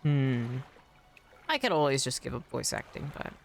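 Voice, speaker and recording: A man's voice: mid-range voice, sing-song, normal speed, vocal fry, a little hiss or hum. A man streaming a game, chatting casually in a rambling, self-deprecating way. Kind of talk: casual gameplay chat.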